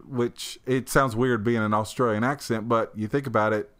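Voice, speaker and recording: A man's voice: medium pitch, fairly even intonation, moderate pace, a bit bright. A man co-hosting a tabletop gaming podcast, talking in a rambling, hesitant way with lots of fillers and frequent laughs. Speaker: podcast co-host. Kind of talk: casual chat.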